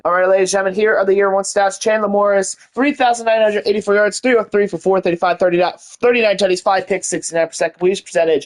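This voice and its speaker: A man's voice: high-pitched, steady tone, fast talker, few pauses. A man hosting his own video game channel, giving casual gameplay commentary with rambling, unsure asides and bursts of mock-announcer hype.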